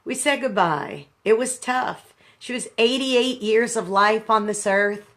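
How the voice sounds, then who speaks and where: A woman in her sixties, a radio station manager, gives a reflective, halting live talk to her viewers while grieving, calling them "boys and girls.". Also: a little high, fairly bright tone.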